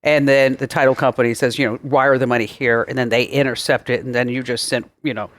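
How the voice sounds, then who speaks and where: A man's voice: mid-range voice, fast talker, no room sound. A man co-hosting a radio show in casual, joking banter, telling rambling stories. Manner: joking, animated, rambling storyteller. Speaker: co-host. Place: radio studio. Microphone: studio microphone.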